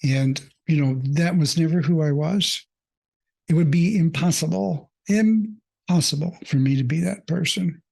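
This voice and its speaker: A gravelly, darkish male voice pitched on the high side belongs to a mindfulness coach recalling a story from his life. The telling is halting and thoughtful, heavy with fillers, and openly emotional in an earnest way.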